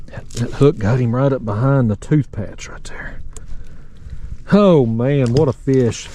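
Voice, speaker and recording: A man's voice: medium pitch, measured pace, mellow, a little hiss or hum. A man casually narrating to camera while fishing from a kayak on a river, drawling and folksy, calling his viewers y'all and buddy. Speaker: fishing vlogger.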